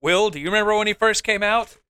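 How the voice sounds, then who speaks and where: Excitable man chatting about a game. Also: high voice, quick pace, smooth, no echo, clean studio sound. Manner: excitable, laughs a lot, jokey. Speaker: podcast co-host. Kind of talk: casual chat about a mobile game.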